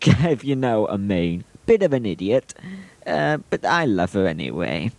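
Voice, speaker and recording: A man's voice: mid-range voice, big pitch swings, normal speed, creaky, darkish tone, dry recording. A man giving a cheeky, teasing humorous voice-over on old home videos. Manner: cheeky, teasing, chuckling asides.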